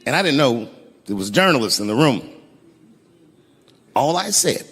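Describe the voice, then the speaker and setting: A man performing live stand-up, telling a story in a drawling, profane, conversational way with sudden high outbursts. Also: sing-song, normal speed, a bit bright. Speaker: stand-up comedian. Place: live comedy venue on stage. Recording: echoey hall with audience noise. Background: audience laughter.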